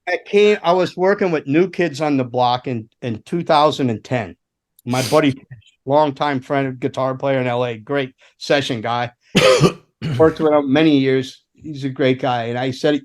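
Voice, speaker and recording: Profane storytelling man, higher voice. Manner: animated, profane anecdotes. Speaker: veteran rock roadie guest. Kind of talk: casual storytelling chat.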